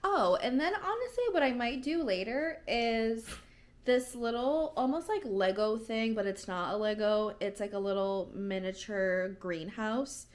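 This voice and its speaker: A woman's voice: on the high side, lively intonation, a little slow. A woman in her late twenties, chatting casually in a home vlog, rambling and often correcting herself mid-sentence. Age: 20s. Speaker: vlogger.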